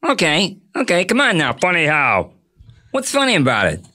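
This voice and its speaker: A man puts on a volatile middle-aged mobster, bright-toned and menacing, who keeps pressing the same question over and over with a swear thrown in. His pitch jumps around a lot as he needles the other guy. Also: huge pitch swings, moderate pace, heavily acted.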